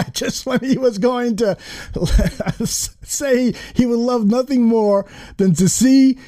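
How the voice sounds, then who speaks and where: Male podcast co-host, high-pitched, chatty, laughs easily. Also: slow pace, mellow. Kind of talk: casual sports podcast chat.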